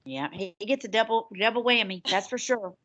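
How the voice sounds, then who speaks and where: Chatty Southern woman with a higher voice. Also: brisk, a bit bright, lo-fi sound. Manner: chatty, rambling, self-deprecating. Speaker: school staff co-host of announcements. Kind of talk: casual chat on school announcements.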